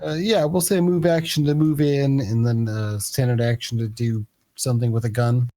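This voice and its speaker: A man narrating as game master of a tabletop game, pausing often with fillers. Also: medium pitch, steady tone, warm tone, no echo. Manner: hesitant, many fillers.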